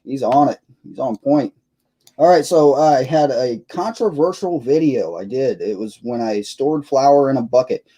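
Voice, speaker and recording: A man's voice: medium pitch, expressive, a little slow, dark tone, husky, poor audio. A tired man hosting a live stream, chatting in a rambling, self-deprecating way with lots of fillers. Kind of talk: casual live stream chat.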